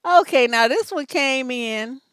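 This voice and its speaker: An older woman who works as a relationship coach gives live stream commentary in an animated, cheeky way and laughs often. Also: high-pitched, unhurried, smooth, no echo, studio quality.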